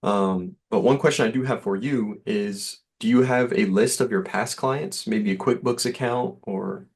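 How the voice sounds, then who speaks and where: Relaxed man pitching software. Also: a little slow, creaky. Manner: easygoing, reassuring, filler-heavy. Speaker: software sales rep. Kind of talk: sales demo call.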